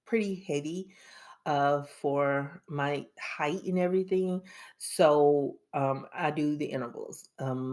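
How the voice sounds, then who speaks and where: A woman YouTuber chatting casually about her goals, joking and laughing often and talking straight to her viewers. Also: sits low. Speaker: YouTuber sharing monthly goals.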